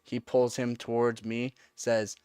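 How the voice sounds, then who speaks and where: A man's voice: medium pitch, completely flat delivery, takes it slowly, a little mellow, smooth, dry recording. A man chatting casually on a live stream, telling rambling stories with lots of fillers and laughter. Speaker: live streamer answering chat.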